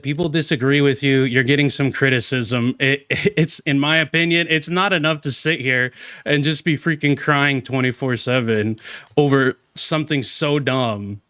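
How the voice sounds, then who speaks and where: A man's voice: medium pitch, a bit bright, smooth, no echo, clean studio sound. A man giving exasperated reaction commentary on a streamer, ranting with many restarts.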